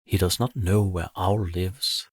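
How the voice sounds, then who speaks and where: A man calmly narrating a bedtime story for children in a measured way. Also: deep voice, slightly rough, no room sound, studio quality.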